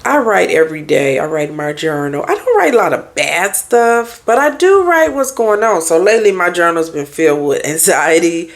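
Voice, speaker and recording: A woman speaking as a therapist and life coach in a relaxed podcast monologue. Her voice sits a little on the low side. She talks frankly and conversationally, stacking up rhetorical questions. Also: moderate pace, few pauses.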